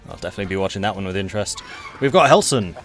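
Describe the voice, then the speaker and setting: A man's voice: lowish voice, expressive, rapid-fire, soft background music. A man hosting and commentating a multiplayer strategy game stream in a chatty, enthusiastic way. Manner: chatty, enthusiastic, laughs easily. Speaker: game match commentator and host.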